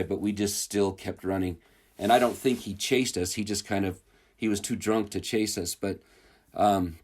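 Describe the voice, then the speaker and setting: Casting: man with a lowish voice, relaxed anecdote teller, chuckles, loose and rambling. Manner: rambling and chuckling, with many fillers and restarts. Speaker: returned missionary telling stories. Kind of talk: casual storytelling interview.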